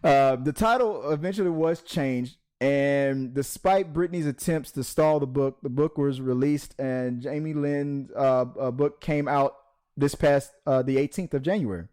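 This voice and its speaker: A man hosting a casual news panel, talking in halting bursts full of restarts, with dry sarcastic asides. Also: medium pitch, darkish tone, smooth. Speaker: podcast host.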